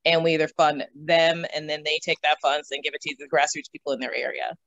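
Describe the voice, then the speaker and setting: A young woman telling stories from her own life in an interview. She is animated, laughs often and swears casually. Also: sits low, fairly quick, vocal fry, dry recording. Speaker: interview guest. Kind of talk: casual storytelling. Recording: slightly dull, dry recording.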